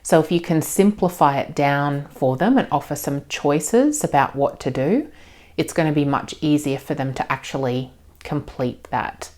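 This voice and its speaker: A woman giving parenting advice as a psychologist and parent, speaking in a calm, gentle, explanatory way with frequent ums. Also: sits low, normal speed.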